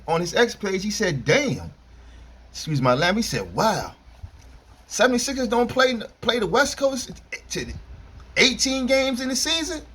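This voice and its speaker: A man, ranting casually about basketball with slang and rambling asides, talking straight to his fans. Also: fairly high pitch. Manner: animated, rambling, street slang. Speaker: sports commentator. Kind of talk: casual sports rant.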